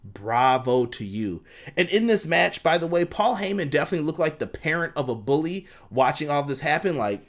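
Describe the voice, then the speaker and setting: A young man reviewing a wrestling show in a casual, slangy way, excited and briefly acting out what the wrestlers said. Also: a little high. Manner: excited, slangy, acts out quotes in quick asides. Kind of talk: casual fan review recap.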